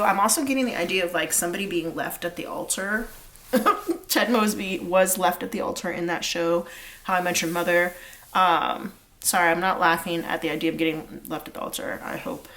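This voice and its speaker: Giving a relaxed pick-a-card tarot reading, this woman has a medium-pitched voice that's a little bright. Her talk is chatty and meandering, packed with fillers and the occasional snatch of sung lyrics.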